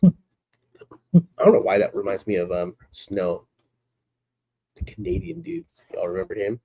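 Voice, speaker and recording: A man's voice: sits low, sing-song, normal speed, warm tone, dull audio. A man hosting a casual live stream, chatting in a laid-back way, greeting viewers by name and laughing often.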